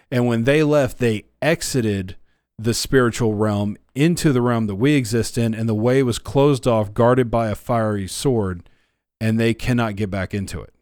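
A man with a lowish voice talks through a Bible study on a podcast. He retells scripture scenes in plain, conversational words, with the odd filler. The sound is dry and close. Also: a little mellow, no room sound. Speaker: co-host, former youth minister.

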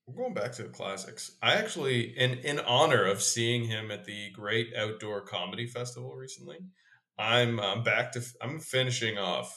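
A man's voice: lowish voice, pushed and bright. A young man co-hosting a podcast, chatting casually and arguing his points with playful enthusiasm. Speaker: podcast co-host. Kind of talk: casual banter. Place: home podcast setup in Calgary.

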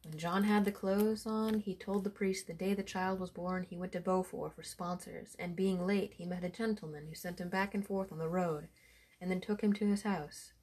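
A woman telling an old folk tale aloud in a somewhat low voice. She reads at an even storytelling pace, acting out the speakers as she goes. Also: normal speed, husky. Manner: steady storytelling delivery.

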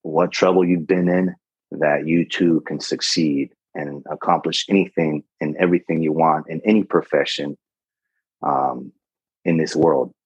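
Husky, deep-voiced retired Navy man. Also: steady tone, measured pace, no echo. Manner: earnest, motivational, many fillers and restarts. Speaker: retired Navy chief, podcast guest. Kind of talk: casual interview talk. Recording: dull, muffled podcast audio.

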